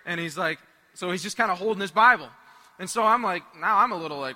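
A young man giving a humorous, animated storytelling talk to a live audience at a church rally, acting out the voices of the people in it. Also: sits high, fairly quick, in a large hall. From United States. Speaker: speaker at a Catholic renewal rally.

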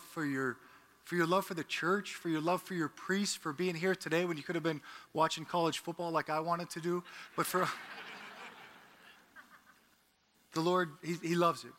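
High bright priest guy preaching, jokey and lively with the congregation, headset mic. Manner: animated, joking with the congregation. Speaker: Catholic priest. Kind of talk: homily with humorous stories. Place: church. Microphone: ear-worn headset mic.

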